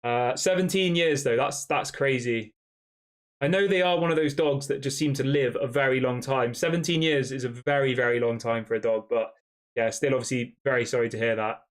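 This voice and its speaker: A man's voice: medium pitch, fairly quick. A young man casually hosting a football live stream, reading fan chat aloud and answering with lots of fillers and restarts. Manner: conversational, reads chat questions aloud, frequent fillers.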